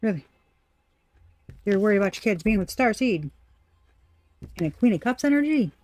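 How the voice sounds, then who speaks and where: A woman's voice: mid-range voice, very animated, moderate pace, a little mellow. A woman giving a casual collective tarot reading, blunt and profane, repeating her points for emphasis. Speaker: tarot reader.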